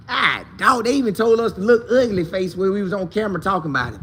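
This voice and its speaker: A man hosting a casual sports talk show, animated and playful, acting out quoted coaches and players in different voices. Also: sits high, fast talker, few pauses, a little hiss or hum.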